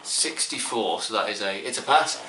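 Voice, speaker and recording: A man's voice: fairly low pitch, expressive, normal speed, noisy background. Brief: man as game master, hesitant, mic set back from him. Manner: hesitant, full of "sort of" and restarts. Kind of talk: narrating a tabletop game. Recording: echoey room, mic at a distance.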